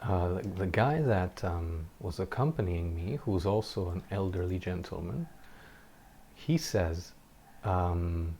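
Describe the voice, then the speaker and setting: A man's voice: deep voice, expressive, takes it slowly, dark tone, a little hiss or hum. A man doing gameplay commentary, telling a personal story in an earnest, reflective way, often stopping and restarting his sentences. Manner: occasional short laughs while telling a story.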